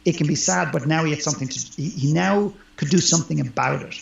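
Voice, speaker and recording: Gravelly earnest male coach, roomy sound. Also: a little high, fast, dull audio, slight background noise. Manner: earnest, emphatic and reflective. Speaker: life coach guest. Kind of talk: conversational interview.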